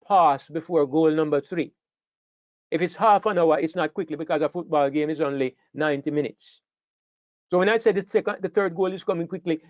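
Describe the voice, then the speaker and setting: A man with a fairly high voice leads a Bible study class, pressing his points by repeating key words and stopping to ask whether the room follows him. The recording is dull and lo-fi, with a dry sound close to the voice. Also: darkish tone, no echo.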